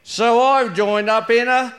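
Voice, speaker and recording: A man's voice: extremely high pitch, fairly even intonation, measured pace, a bit bright, pitched above the performer's own voice. A man voicing a drunken old husband who stammers and slurs as he gloats. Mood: stammering drunk.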